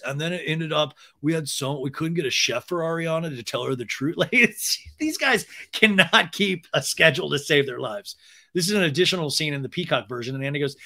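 A man's voice: fairly high pitch, a little fast, vocal fry. A man hosting a podcast, recapping reality TV in a casual, gossipy way, often swearing and acting out what people said. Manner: gossipy, animated, swears, acts out quotes. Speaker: podcast host.

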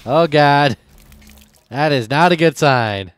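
A man's voice: fairly high pitch, slow, faint music behind. A man doing casual let's play commentary over a video game, laughing hard and swearing freely. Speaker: gameplay commentator.

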